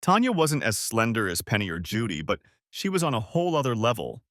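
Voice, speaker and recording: A man's voice: on the low side, wildly swooping pitch, fairly quick, fairly bright tone, no echo, studio quality. A man narrating a dramatic first-person audiobook story in a scripted reading.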